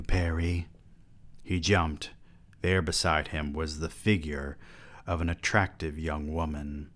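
A young man reads his own early novel aloud and mocks it with sarcastic, swearing commentary. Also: a bass voice.

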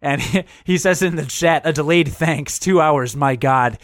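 A man's voice: fairly high pitch, measured pace, no echo. A man co-hosting a casual podcast, teasing his partner and laughing often. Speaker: podcast co-host.

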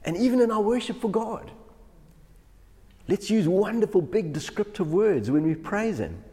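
A man delivers a devotional sermon as a pastor, his voice sitting a little high for a man. He laughs lightly through his stories. The sound carries a long, lingering reverb, as if in a large hall. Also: expressive, moderate pace, dark tone. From South Africa. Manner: chuckles often while telling stories.

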